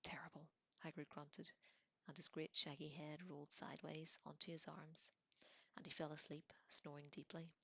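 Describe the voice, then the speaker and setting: A woman reading a novel aloud in a soft, hushed whisper, as whispered role-play. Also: low-pitched, little pitch movement, moderate pace, creaky, husky, no room sound. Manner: gentle, hushed storytelling. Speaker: audiobook reader.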